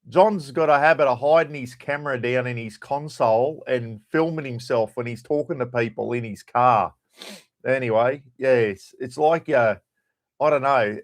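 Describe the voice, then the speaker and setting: Chatty Australian man greeting viewers. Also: medium pitch. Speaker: livestream host. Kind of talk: casual live-stream chat.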